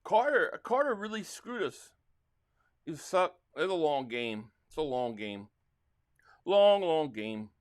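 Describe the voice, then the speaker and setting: A man from the Philadelphia area hosts a live football reaction stream, his voice a little high, a bit bright, expressive and slightly slow. He rambles in frustration like a fan and reads out viewers' super chats.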